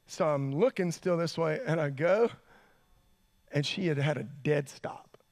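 A man telling a sermon story to students, animated, jumping between hushed asides and excited yelps. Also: fairly high pitch, a little slow. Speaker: youth pastor. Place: church hall.

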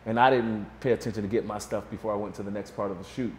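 A man's voice: on the low side, quick pace, echoey room, a little hiss or hum. A man guest in a casual interview, telling a story and acting out what others said. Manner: animated storyteller, acts out quotes.

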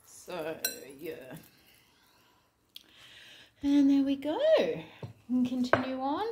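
A chatty Australian woman with a fairly high voice talks to camera as she cooks at home. She thinks aloud and drops self-deprecating asides. The kitchen is echoey, with faint clatter of dishes and cutlery behind her. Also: very animated, drawn-out words, background noise. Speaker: vlogger. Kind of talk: casual cooking vlog chat.

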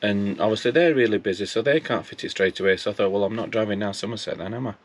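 A man's voice: lowish voice, quick pace. A man, casually telling a story and acting out his phone calls in quoted dialogue. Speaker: vlogger.

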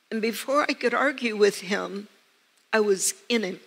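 Woman preacher, slow, earnest storytelling, gravelly edge, church hall reverb. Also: mid-range voice. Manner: earnest storytelling with soft laughs. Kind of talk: sermon.

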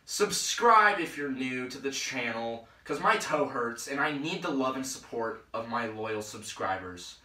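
A nineteen-year-old man vlogging at home, rambling excitedly and filling his talk with "like", swinging from mumbles to yells. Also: medium pitch, a little slow, hardly any pauses, reverberant, distant mic, a little hiss or hum. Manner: excitable, rambling, heavy use of "like", jumps between mumbling and yelling. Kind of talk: casual rambling vlog monologue. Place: home, indoors, at night.

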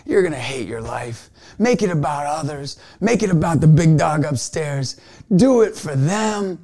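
A man coaching youth basketball gives an energetic motivational talk to camera, telling stories and breaking into shouts. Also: on the high side, unhurried. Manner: energetic storyteller, bursts into shouts.

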